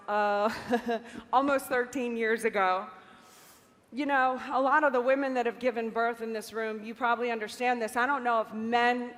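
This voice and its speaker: High, bright-voiced woman in a reverberant hall. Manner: earnest, laughing often, many "like" fillers. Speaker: speaker at a live event. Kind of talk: personal storytelling to an audience. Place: large event hall with audience. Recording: reverberant hall from a live talk.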